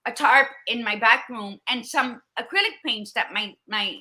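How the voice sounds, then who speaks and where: Fifties woman, podcast co-host; blunt, profane, emphatic, with a bright, slightly high voice. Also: normal speed. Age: 50s. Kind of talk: candid casual chat.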